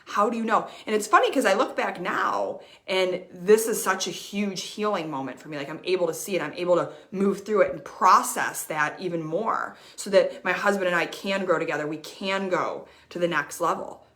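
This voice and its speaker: A woman with a fairly low speaking voice gives a personal motivational talk on a live stream. She is earnest and leans on repetition to drive her points home. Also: moderate pace, hardly any pauses, fairly bright tone. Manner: earnest, repeats phrases for emphasis. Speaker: life coach hosting a live stream. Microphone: streaming mic.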